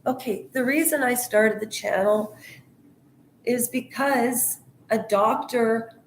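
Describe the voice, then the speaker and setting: A woman's voice: fairly high pitch, takes it slowly, a little hiss or hum. Upset middle-aged woman vlogging, roomy echo. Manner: heated, earnest, talks of her anger. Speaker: YouTuber. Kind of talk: emotional vlog monologue.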